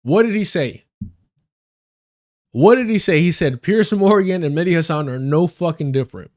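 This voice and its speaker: A man's voice: a little high, expressive, moderate pace, darkish tone. Heated, swearing streamer man. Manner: heated, sarcastic, swears often. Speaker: livestream host. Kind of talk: profane political commentary.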